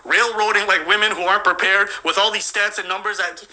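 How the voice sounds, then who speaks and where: A man's voice: high voice, fairly even intonation, brisk, bright, forceful tone, low-quality recording. A man delivering a profane, mocking comedic rant as a commentator.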